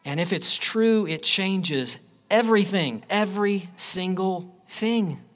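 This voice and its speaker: A man preaching a sermon, swinging between loud declarations and low, quiet phrases. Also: takes it slowly. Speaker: pastor.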